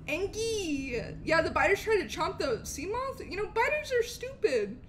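A woman streaming a game live, chatting with viewers and swinging between loud greetings and low mutters. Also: sing-song, moderate pace, hardly any pauses. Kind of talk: live gameplay commentary.

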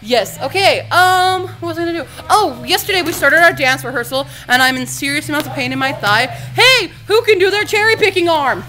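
A woman hosting a casual video diary, talking in an excitable, rambling way with quick restarts. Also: high-pitched, soft background music, rough recording. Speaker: vlog host.

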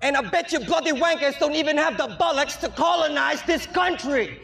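A man from the Philippines, delivering taunting rap battle verses with punchy lines and bursts of shouting. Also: extremely high pitch, fairly quick, gravelly, very noisy. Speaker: battle rapper.

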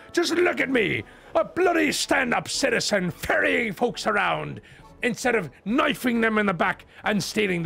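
A man's voice: sharp tone, exaggerated voice. A man doing a growling old pirate skipper. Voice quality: gravelly growl. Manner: growls "arr" and drops into rumbling lows. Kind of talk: comedic game voice-over.

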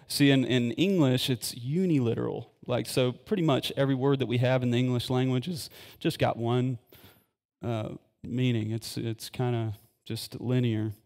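A man preaching at a live church service in an easy, rambling way, full of fillers and restarts. His eagerness comes through in quick asides to the congregation. His mid-pitched voice rings out into a long reverb from the hall. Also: a little mellow. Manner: rambling, filler-heavy and enthusiastic. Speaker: pastor. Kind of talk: casual live sermon. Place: church sanctuary.

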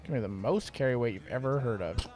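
A man's voice: medium pitch, quick pace, a little mellow, faint music behind. A man co-hosting a let's play, talking casually and muttering to himself while he plays. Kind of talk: casual gaming chat.

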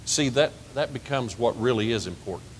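Lively pastor preaching in a church hall. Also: male voice, a little fast. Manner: lively, talks with the congregation, asks questions and laughs. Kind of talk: sermon. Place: church sanctuary. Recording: reverberant church hall with faint rumble.

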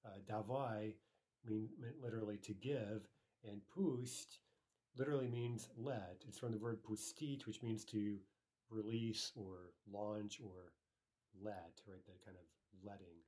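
A man with a low, mellow voice and a slightly husky edge leads a grammar lesson. He explains each rule patiently and reads every example aloud more than once. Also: steady tone, a little slow. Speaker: language teacher.

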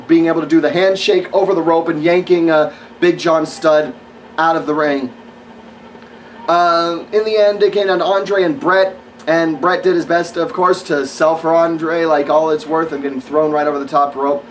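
A man's voice: on the high side, fairly even intonation, moderate pace, far from the mic, slight background noise, poor audio. A man giving a casual, rambling spoken review of wrestling matches, sarcastic and full of fillers.

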